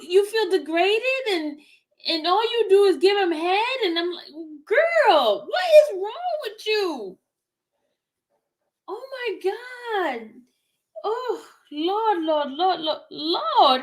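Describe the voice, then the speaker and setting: A woman hosting commentary, reacting to a book reading with lots of exclamations and talk aimed at her viewers. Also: high voice. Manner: laughing, exclaiming, talking to viewers. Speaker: commentary host.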